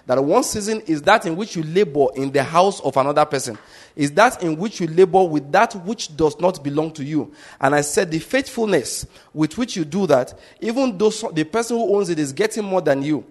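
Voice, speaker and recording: A male pastor teaching a sermon, emphatic and repetitive, explaining his points step by step. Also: on the high side.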